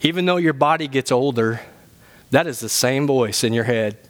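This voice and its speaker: A man preaching a sermon in a church, animated and humorous, building to emphatic points. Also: medium pitch, moderate pace. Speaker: pastor.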